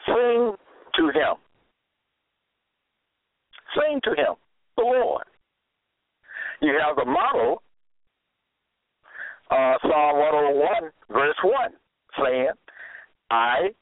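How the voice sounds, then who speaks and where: A man delivers a sermon in an unhurried, deliberate way, pressing and scolding his listeners and returning to the same phrases again and again. His fairly high voice rises and falls with real animation. It comes through a narrow, phone-like line with a dry, close sound. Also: sing-song, creaky, dry recording. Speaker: preacher.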